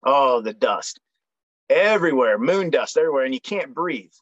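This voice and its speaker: A man's voice: mid-range voice, lively intonation, normal speed, a bit bright, no echo. A young man, a military veteran guest, telling his story in a frank, joking way with many ums and restarts. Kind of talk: casual storytelling interview. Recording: dry, slightly dull recording.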